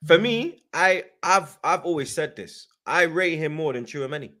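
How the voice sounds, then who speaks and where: A man's voice: on the high side, normal speed. A young man, chatting casually about football as host and using lots of slang. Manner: London slang, animated, voice jumps up when excited. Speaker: podcast host.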